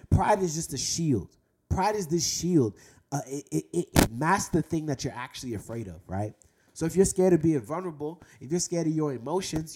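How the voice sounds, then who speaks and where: A young man hosting a faith talk for men, preaching earnestly and slowing down to drive points home. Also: on the high side, darkish tone, breathy edge. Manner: earnest, exhorting, slows down for emphasis. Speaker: host speaking to men about faith.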